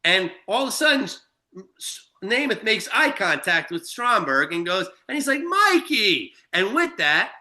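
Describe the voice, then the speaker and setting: Telling a lengthy, profane story in casual conversation, a guest from Shelter Island, New York, fills it with restarts and filler words. His voice sits high with lively intonation, sounding pushed and bright, and he speaks a little slowly.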